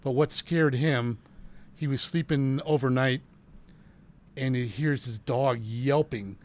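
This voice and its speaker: A man's voice: medium pitch, takes it slowly, darkish tone. A middle-aged man, a paranormal investigator, earnestly telling a story from a case. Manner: earnest, retelling a case with restarts. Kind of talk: casual storytelling.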